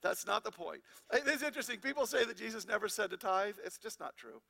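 Pastor guy preaching, pretty high voice, lots of "you see it?" questions. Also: fast, creaky. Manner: animated preaching, rhetorical questions, reads scripture aloud. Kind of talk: sermon.

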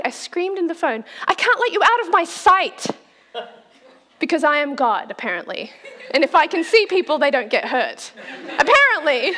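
A middle-aged woman giving a storytelling sermon, animated and laughing, acting out the voices she quotes. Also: high-pitched. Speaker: speaker at a church talk.

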